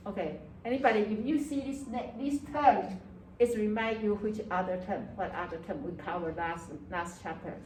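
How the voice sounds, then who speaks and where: Animated woman lecturing in an echoey classroom. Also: mid-range voice, moderate pace, distant mic, a little hiss or hum. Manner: animated, acts out student voices, frequent "okay" and "right". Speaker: psychology lecturer.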